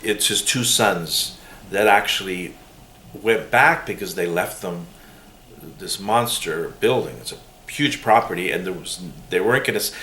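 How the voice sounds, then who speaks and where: A middle-aged man telling family stories in a casual, animated way during an oral history interview, with laughter. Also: deep voice, a little slow. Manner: animated, laughing, mimics voices when quoting. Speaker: interviewee's son. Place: room in a museum. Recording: roomy room with faint hiss.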